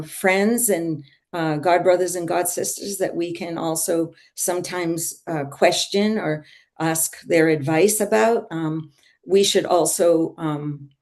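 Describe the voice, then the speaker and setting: An older woman telling a personal devotional story to a reading group, earnest and animated. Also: on the low side. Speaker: devotee sharing testimony.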